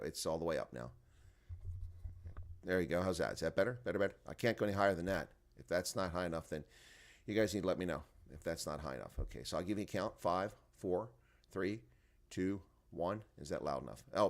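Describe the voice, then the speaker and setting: A low, creaky male voice with lively intonation and a brisk pace rambles to chat viewers. He's hosting an early-morning rugby live stream from home, tired and groggy at a desk microphone whose volume is turned up.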